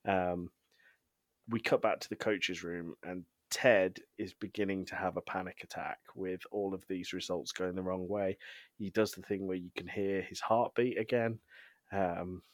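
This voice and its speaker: A man co-hosting a podcast, casually recapping a TV episode with frequent ums and quick laughs. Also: sits low, steady tone, dry recording. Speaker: podcast co-host.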